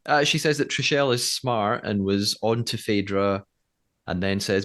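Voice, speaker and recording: A man's voice: lowish voice, normal speed, a bit bright. A man co-hosting a podcast, recapping a show in casual chat and laughing often. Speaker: podcast co-host.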